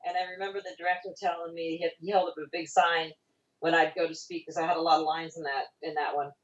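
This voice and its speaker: Fast-talking woman on a video call. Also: deep voice, flat delivery. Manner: fast-talking, laughs often. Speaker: interview guest, former child actor. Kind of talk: casual remote interview. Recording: roomy, distant, dull video-call audio.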